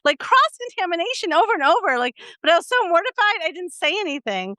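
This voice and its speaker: A woman's voice: very high voice, sing-song, fast, sharp tone, no echo. A young adult woman co-hosting a podcast in casual chat, telling a story animatedly with lots of fillers and acted-out quotes. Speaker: podcast co-host.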